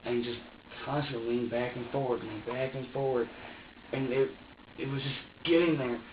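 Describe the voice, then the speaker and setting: A man's voice: mid-range voice, fairly even intonation, moderate pace, slight background noise. A man answering questions in a police interrogation, rambling, repeating himself and acting out what he said. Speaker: suspect being questioned. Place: interrogation room. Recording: echoey, distant, dull lo-fi room recording.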